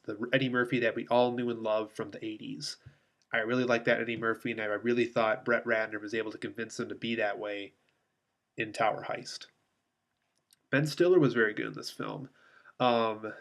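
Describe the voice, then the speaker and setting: Man, mid-pitched, casual movie review delivered off the cuff, rambling with frequent ums. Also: a bit bright. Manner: rambling, many filler ums and restarts.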